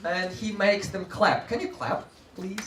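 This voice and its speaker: A man presenting a workshop to teachers with lively energy, leading a live audience through group chants. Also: high voice, measured pace. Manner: animated, often laughing, leads group chants. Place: large room with a live audience. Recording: echoey room, far from mic, audience noise.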